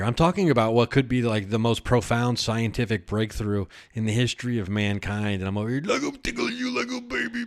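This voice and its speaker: A man hosting a podcast in a rambling, improvised comic monologue, often breaking into giggles and chatting to imaginary characters. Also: fairly low pitch. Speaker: podcast host.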